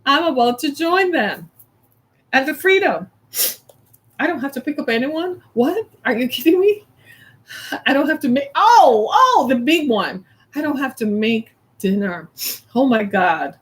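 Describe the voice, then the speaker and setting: Middle-aged woman from the south, chatty, laughs a lot, kinda high voice. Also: moderate pace. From American South. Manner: chatty and animated, laughs often, plays out quoted lines. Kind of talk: casual chat.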